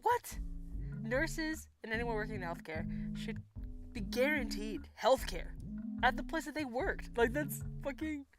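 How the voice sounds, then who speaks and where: A woman's voice: fairly high pitch, unhurried. A woman hosting a casual livestream, reading out viewer comments and chatting back, swearing and laughing freely. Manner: chatty, swearing, laughs often, lively reactions. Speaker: livestream host. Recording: music playing behind her voice.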